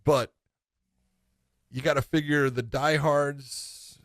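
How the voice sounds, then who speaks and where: A man's voice: on the high side, steady tone, takes it slowly, no room sound, studio quality. A man co-hosting a podcast, talking casually and at length about fights, with frequent "you know" fillers. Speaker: podcast co-host. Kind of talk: casual MMA chat.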